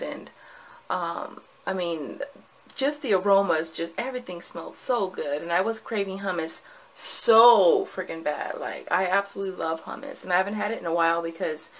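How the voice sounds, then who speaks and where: Gravelly-voiced woman vlogging casually. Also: fairly low pitch, poor audio. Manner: chatty, many fillers and restarts. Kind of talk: casual video diary.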